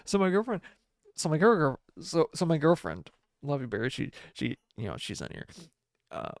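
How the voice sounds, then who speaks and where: A man's voice: fairly high pitch, huge pitch swings, moderate pace, no echo, clean studio sound. A man hosting a casual solo livestream podcast. He rambles, restarts his sentences, corrects himself often and laughs a lot. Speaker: podcast host.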